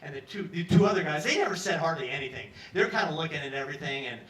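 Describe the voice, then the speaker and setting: Guy in his 60s telling a story in a pub, high voice, mic far off. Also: animated, racing, a bit bright, roomy sound. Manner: casual, profane storytelling. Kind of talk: live storytelling monologue.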